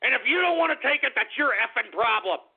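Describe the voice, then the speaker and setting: A man's voice: very high voice, animated, quick pace, vocal fry, breathy edge. A male radio host talking through a rambling, flustered monologue, apologizing and restarting often. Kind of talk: call-in radio talk show monologue. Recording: tinny phone-quality radio audio.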